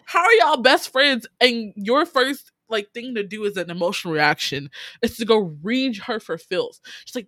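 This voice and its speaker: Animated woman recapping a show, dry sound. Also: medium pitch, moderate pace, no echo. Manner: animated, swearing, exasperated storytelling with quoted reactions. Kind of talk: casual chat recapping a TV series.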